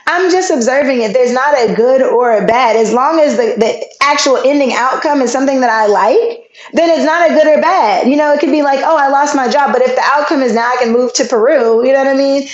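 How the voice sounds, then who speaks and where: A woman in her thirties, chatting as a guest and telling stories in an animated way, acting out the voices in her tales. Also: sits high. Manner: animated storyteller, acts out voices in her tale. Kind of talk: casual chat. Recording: echoey, dull lo-fi sound.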